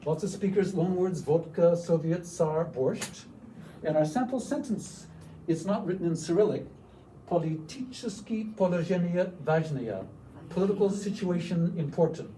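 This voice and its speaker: A man giving a lively teacher workshop, demonstrating foreign words and sounding them out for the room. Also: high-pitched, normal speed, far from the mic, slight background noise, low-quality recording. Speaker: workshop presenter. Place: lecture room.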